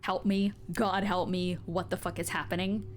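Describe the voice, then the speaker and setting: A woman's voice: lowish voice, flat delivery, moderate pace, soft background music, natural voice. A woman voicing another woman in agony, crying out in pleading, anguished bursts during a tabletop game. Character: screaming woman in agony, begging.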